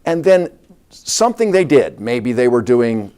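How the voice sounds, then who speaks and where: A man's voice: mid-range voice, big pitch swings, measured pace, mellow, clean tone. A man, a doctor guest, explaining step by step in an interview.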